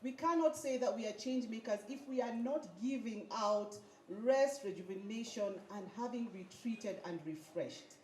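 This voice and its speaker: At a graduation ceremony, a woman gives a motivational speech in an event hall, leading the audience in call-and-response chants. Her slightly mellow, higher voice moves at normal speed with hardly any pauses, and the echoey hall recording has a little hiss or hum.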